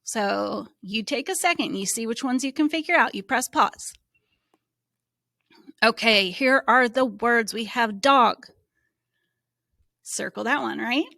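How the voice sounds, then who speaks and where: A woman who teaches reading, giving a slow, encouraging phonics lesson to young children and sounding out letters. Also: fairly high pitch, vocal fry, fairly bright tone, dry recording, studio quality.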